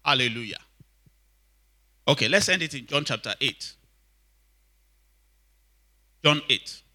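A man's voice: medium pitch, animated, normal speed, pushed and bright. A man preaching a sermon, emphatic, repeating key lines and calling for responses from the congregation.

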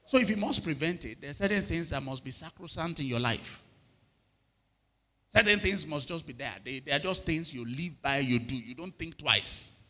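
A middle-aged male pastor preaches a sermon in a large hall, repeatedly calling out to ask the congregation if they're hearing him. His voice is a little high and bright, with lively intonation, a forceful tone, and a moderate pace.

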